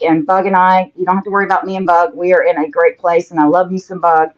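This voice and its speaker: A woman hosts a live painting show, chatting casually and reading out viewer comments as she works. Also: on the low side. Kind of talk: casual livestream chat while painting. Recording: dull lo-fi livestream audio.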